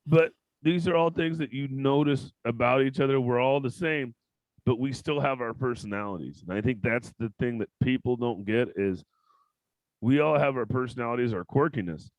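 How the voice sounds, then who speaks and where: Brief: male podcast host, mid-pitched, blunt and profane, prone to loud bursts, dry close sound. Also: normal speed, dry recording. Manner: blunt, loud outbursts, cusses a lot. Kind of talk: casual interview chat.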